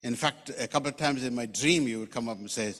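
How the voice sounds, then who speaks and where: Pastor in a reverberant church. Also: male voice, medium pitch, fast, a bit bright. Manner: rambling, joking storyteller who reads scripture aloud. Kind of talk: conversational sermon with humorous asides. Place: church hall. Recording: long church hall reverb.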